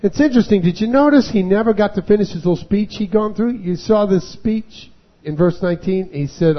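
Dramatic high-voiced revival preacher, man. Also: expressive, a little fast, highs cut off. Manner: dramatic, acts out voices and rises to shouting. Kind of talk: revival sermon.

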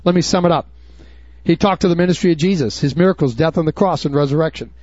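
Emphatic high-voiced male preacher. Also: quick pace, darkish tone, no room sound. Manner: emphatic, urgent, mocking asides. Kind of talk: sermon. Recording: dull dry recording.

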